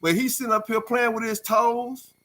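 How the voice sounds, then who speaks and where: A man's voice: very high-pitched, flat delivery, normal speed, sharp tone, voice pushed up. A man acting out a resentful grown son who was jailed by his mother, talking in an aggrieved, confrontational way.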